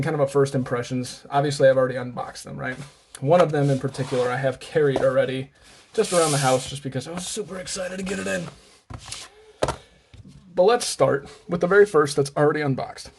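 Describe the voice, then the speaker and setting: A man's voice: mid-range voice, brisk, slight background noise. A man hosting a casual show-and-tell vlog, chatty and rambling, often correcting himself, slightly out of breath. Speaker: host of a knife and gear channel.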